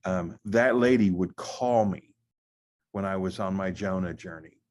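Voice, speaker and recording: A middle-aged American pastor, his voice sitting a little low. He talks in a conversational way, full of fillers and restarts. He tells his story haltingly as an interview guest. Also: darkish tone, a little hiss or hum. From United States. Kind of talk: conversational testimony.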